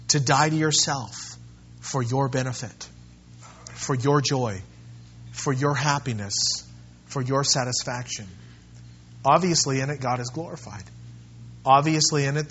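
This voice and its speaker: A fairly high-voiced man preaches to his church, telling a story with heat that swells loud and then sinks to a hush. The recording is muffled and lo-fi. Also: husky. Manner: passionate storytelling, rises loud then drops soft. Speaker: pastor. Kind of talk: sermon. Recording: dull lo-fi sound.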